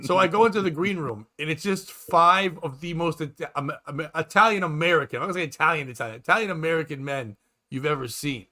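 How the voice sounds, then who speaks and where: A man's voice: a little high, fast, sharp tone. A man, a stand-up comedian and podcast host, rambling through a story and acting out the people in it. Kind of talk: casual storytelling chat.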